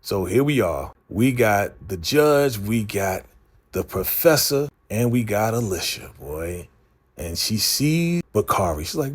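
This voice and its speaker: A man casually recapping a TV episode, acting out the characters' lines in a lively retelling. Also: on the low side, a little slow, husky. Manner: animated retelling, acting out characters' lines, frequent "you know what I'm saying". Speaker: TV recap host.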